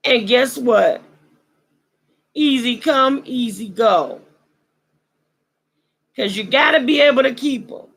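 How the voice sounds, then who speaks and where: A woman vlogger speaks in an unhurried way, preachy and roasting, with slangy phrasing. Her voice is deeply gravelly and husky, and it rises and falls a lot. Her throat sounds dry, as if she is losing her voice. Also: a bit bright, poor audio. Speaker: vlog host. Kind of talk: casual commentary monologue.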